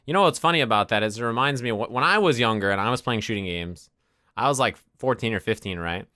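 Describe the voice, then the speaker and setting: Streamer guy telling stories, super animated, cusses, smooth clear voice, pitch right in the middle. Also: quick pace, no room sound, studio quality. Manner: animated, swears freely, acts out quotes. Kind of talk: casual storytelling chat.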